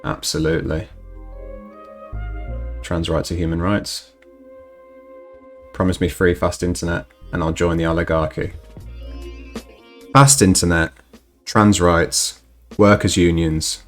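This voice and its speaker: A man's voice: low-pitched, little pitch movement, takes it slowly, pauses often. A man hosting a live stream, chatting with viewers and reading news while putting on an exaggerated mock Russian accent. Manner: chatty, talks to viewers in chat. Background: faint background music.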